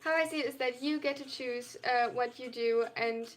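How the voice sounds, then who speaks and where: On a live stream, a young adult non-binary streamer with a German accent reads chat aloud and responds earnestly and at length. The voice is medium-pitched, a bit bright, and at normal speed.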